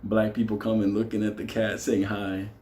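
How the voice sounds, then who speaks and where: A man telling a profane story, laughing often and talking with animated energy. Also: lowish voice, moderate pace, slight background noise. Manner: laughing, animated, heavy swearing. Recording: echoey room with faint ambience.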